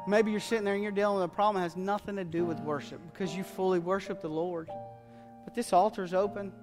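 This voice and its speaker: A man preaching a sermon in a church, telling a story in an animated, plain-spoken way. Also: high voice. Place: church sanctuary. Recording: long church reverb with faint music.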